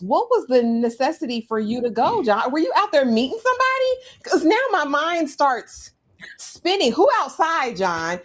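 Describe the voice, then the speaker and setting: A woman co-hosting a TV review show, chatting casually and dramatically, firing off rhetorical questions. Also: a little high.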